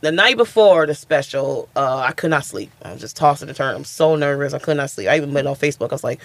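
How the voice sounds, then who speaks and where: A man's voice: fairly high pitch, fast talker, gravelly, hardly any pauses, dry recording. A man, a stand-up comedian, telling a story in a casual interview and acting out what people said. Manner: animated, chatty, acts out quotes.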